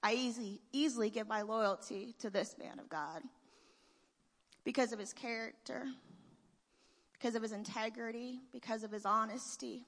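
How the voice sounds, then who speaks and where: A church member gives a heartfelt tribute in a church sanctuary, her slightly high, somewhat bright voice carrying the long reverb of the hall. She speaks at a moderate pace with frequent pauses, emotional and laughing between phrases.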